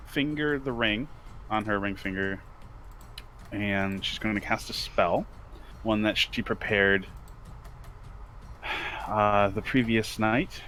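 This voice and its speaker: A man playing a tabletop game, describing what his character does, slow and lively with sudden jumps in pitch. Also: a little hiss or hum. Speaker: player.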